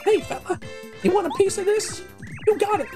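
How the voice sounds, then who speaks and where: A woman voicing a small, ornery male bug creature, squeaky and pushy. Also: lively intonation, a little fast, music in the background. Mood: belligerent.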